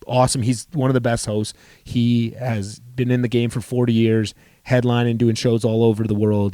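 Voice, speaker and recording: A man hosts his podcast alone and tells a long comedy-club story in loose, casual chat. His voice is warm and mellow, and he often circles back and restarts. He swears freely, and the sound is dry and close to the mic. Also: medium pitch, no room sound. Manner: rambling, profane, self-interrupting.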